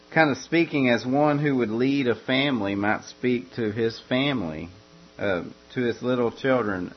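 A man preaching an expository sermon as a pastor, speaking in a measured way, repeating phrases and restarting often. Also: mid-range voice. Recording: dull lo-fi recording with mains hum.

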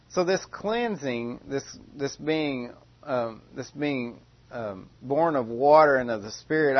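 A man's voice: mid-range voice, muffled recording. A man preaching a sermon in a conversational, questioning way, often restarting his phrases.

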